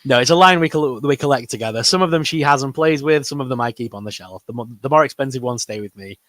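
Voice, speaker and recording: A man with a northern English accent chats about toys in a loose, rambling way, humming to himself between topics. His voice sits in an ordinary middle pitch, and the recording is close and dry with no room sound. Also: quick pace, fairly bright tone, dry recording. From northern England. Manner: rambling, upbeat, trails off humming. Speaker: co-host of a toy news show. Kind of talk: casual live chat.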